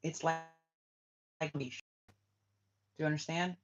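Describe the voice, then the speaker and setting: A man's voice: fairly high pitch, steady tone, takes it slowly. A man, a spiritual reader, talking casually in a rambling way, filling his speech with "like" and swearing. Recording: dull lo-fi sound.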